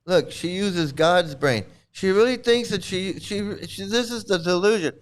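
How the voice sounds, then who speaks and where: A man's voice: high voice, a little slow. A man hosting a live commentary stream, mocking and sarcastic as he reacts to chat comments, rambling with frequent restarts. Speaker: channel host.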